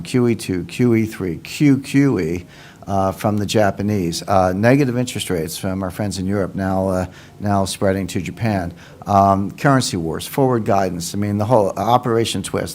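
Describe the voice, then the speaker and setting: A low-voiced man lays out his economic case with steady confidence, stressing key words and circling back to repeat his points. A faint hiss of noise sits under the recording. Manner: confident, emphatic, uses analogies and repeats points. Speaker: economics commentator. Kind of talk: explanatory talk.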